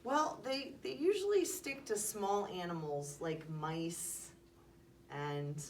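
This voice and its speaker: A woman's voice: fairly low pitch, slow pace. A woman teaching young children, patient and encouraging, asking questions and calling on them by name. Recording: distant mic, faint background noise.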